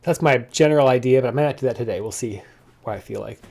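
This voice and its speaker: A man's voice: mid-range voice, fast talker, creaky, darkish tone. Man rambling through a coding log. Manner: rambling, thinking aloud with many restarts. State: slightly out of breath. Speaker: software developer streaming his coding. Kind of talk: casual spoken coding log.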